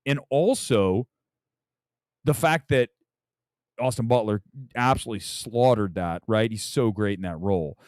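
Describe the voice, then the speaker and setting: A man hosting a casual movie talk livestream, loud, profane and rambling. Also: fairly low pitch, measured pace, long pauses, no echo, studio quality. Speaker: movie talk show host.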